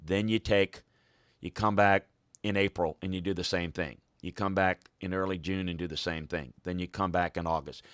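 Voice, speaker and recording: A man's voice: low voice, fairly even intonation, normal speed, clean tone, dry recording, studio quality. A man talking football as a coach on a podcast, emphatic and hammering points home by repeating phrases. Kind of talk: casual podcast talk.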